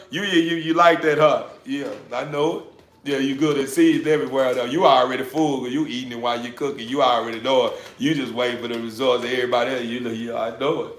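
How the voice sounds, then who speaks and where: He's a fast talker with a steady tone, a social media commentator sermonizing directly to the listener in a motivational street rant. Repetition runs throughout, and his volume swings from low grumbling to emphatic shouts.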